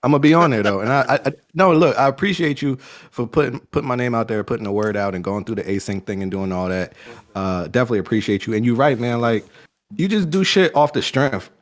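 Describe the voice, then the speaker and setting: A man chatting casually as a guest, relaxed and agreeable, using slang. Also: mid-range voice, quick pace. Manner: laid-back, agreeing, slangy. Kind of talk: casual podcast banter.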